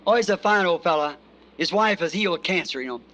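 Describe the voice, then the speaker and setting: High, bright-voiced folksy preacher. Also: male voice, quick pace. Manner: chuckling, rambling anecdotal delivery. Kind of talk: folksy sermon storytelling. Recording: 1964 sermon recording.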